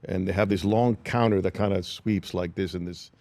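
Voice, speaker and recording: A man, an actor guest in a studio interview, telling anecdotes in a lively, casual way. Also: sits low, normal speed, no echo. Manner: animated anecdotes with acted-out quotes. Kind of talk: studio interview chat, storytelling. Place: radio show studio.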